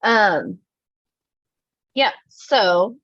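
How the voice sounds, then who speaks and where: A woman's voice: mid-range voice, expressive, extremely slow, a bit bright, no echo, dull audio. A woman casually chatting as a podcast co-host, laughing often and acting out quotes while she tells stories. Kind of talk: casual chat, storytelling.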